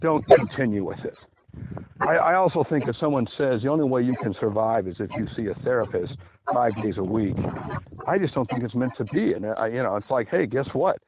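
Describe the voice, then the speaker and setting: A man holds forth in a loose, opinionated ramble, stretching out words for emphasis. He is slightly out of breath as he talks outdoors by a river. The audio is thin and phone-like, with clear noise underneath. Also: mid-range voice, brisk. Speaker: podcast host. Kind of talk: casual monologue.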